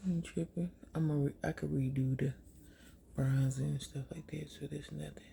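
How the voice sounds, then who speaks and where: Speaking at normal speed in a low, creaky voice, a young woman vlogger chats through a storytime as she does her makeup, over a little hiss or hum. She acts out what people said, keeping it chatty and animated with quoted asides.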